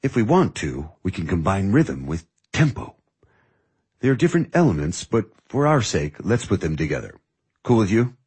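Here is a calm, wry music mentor, read by a man whose low, husky voice rises and falls a great deal as he teases his student. He speaks in a patient, measured way, like a teacher handing out lessons one at a time. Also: exaggerated voice. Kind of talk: audiobook dialogue.

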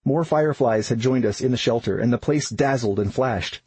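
A man narrating an audiobook in an even, unhurried storytelling manner. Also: medium pitch, husky, no echo, rough recording.

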